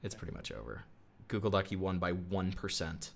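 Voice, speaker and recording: A man's voice: low voice, expressive, a little fast, vocal fry, slight background noise. A man hosting a casual live-stream reaction, joking around and repeating himself while he runs chat polls. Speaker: streamer host.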